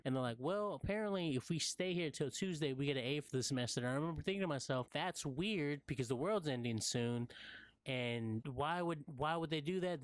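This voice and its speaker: A man's voice: medium pitch, clean tone, no echo. A young man in casual, rambling storytelling, full of "like" and "uh" fillers. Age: young adult. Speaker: college student recounting a dream.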